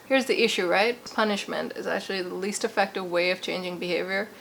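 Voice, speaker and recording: A woman's voice: fairly low pitch, steady tone, brisk, creaky, background noise. A woman with a put-on British accent, talking playfully and mocking herself in a casual vlog. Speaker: YouTuber.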